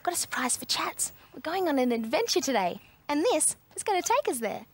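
A woman's voice: high-pitched, sing-song, a little fast. A woman hosting a children's show in a cheerful, encouraging, sing-song manner. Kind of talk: children's TV presenting.

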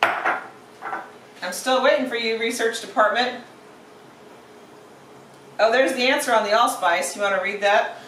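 A woman's voice: fairly high pitch, measured pace, long pauses, fairly bright tone, roomy sound, recorded from a distance, a little hiss or hum, rough recording. A woman hosting a casual cooking demonstration, chatty and playful as she talks through each step. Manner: chatty and playful, narrates steps aloud. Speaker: cooking show host.

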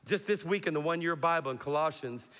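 Middle-aged pastor preaching in a hall. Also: male voice, on the high side, fairly quick. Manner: animated preaching with call-and-response. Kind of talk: sermon. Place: large church hall. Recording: long reverb of a large hall.

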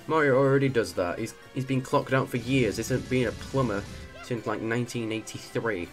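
A man's voice: mid-range voice, normal speed, soft background music. A man giving rambling, sarcastic commentary while playing a video game. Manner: sarcastic, rambling, self-mocking. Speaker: let's play commentator. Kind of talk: casual game commentary with voiced characters.

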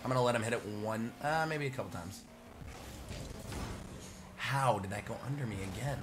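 A man chatting casually while playing an online match, calmly encouraging his teammate and calling out plays over a headset voice chat. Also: medium pitch, noisy background. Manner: calm, encouraging, gives quick callouts to a teammate. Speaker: gamer and channel host.

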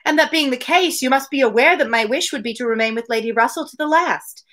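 A woman's voice: high voice, fast talker, a bit bright, voice pushed up. A woman reading as a patient, soothing young lady. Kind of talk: reading a novel aloud.

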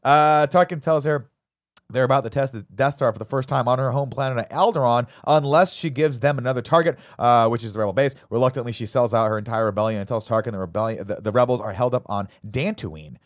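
Fast-talking man recapping a film. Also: medium pitch, no echo, clean studio sound. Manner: energetic, swears freely, acts out quoted lines. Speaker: podcast co-host. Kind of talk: casual movie-review chat, recapping the plot.

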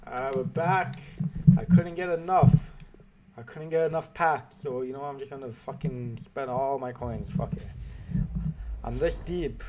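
Man, gaming commentary, slow, frustrated, cursing, background noise. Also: mid-range voice. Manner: frustrated, swearing, erupts into shouts. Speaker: gaming YouTuber. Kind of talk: pack opening commentary.

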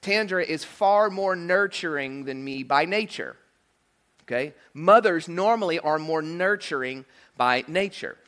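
Man preaching, bright voice, on the high side, animated, joking asides, pastor in a church. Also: measured pace. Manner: animated, joking asides, rhetorical "okay?" and "right?". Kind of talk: sermon. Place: church sanctuary.

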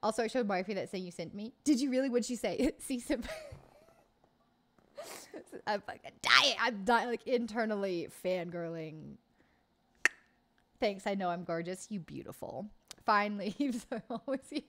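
Speaking at a medium pitch and moderate pace, this livestream host chats casually while going through live comments. She's bubbly, laughs a lot, and swears without holding back.

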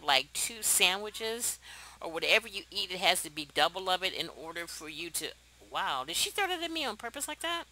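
A young woman hosts a let's play, talking viewers through a life-sim game in casual commentary. Her very bright, forceful voice bounces wildly in pitch, and she's chatty and excitable, often bursting into laughter. The low-quality recording has no echo.

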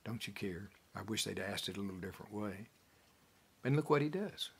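A pastor preaching a folksy, animated sermon, chuckling as he talks it through. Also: on the low side, a little fast, creaky, breathy edge. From United States. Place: church.

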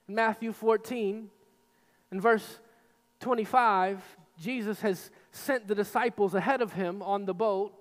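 Man, pastor, sermon, emphatic, repetitive, rising to shouts, echoing sanctuary. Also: sits high. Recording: long reverb of a large hall.

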